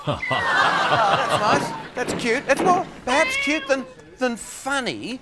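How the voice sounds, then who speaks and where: A man's voice: high voice, sing-song, takes it slowly, pauses often, sharp tone, soft background music. A man hosting a live variety show, casually reading viewer letters with chatty, playful asides and chuckles. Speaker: host.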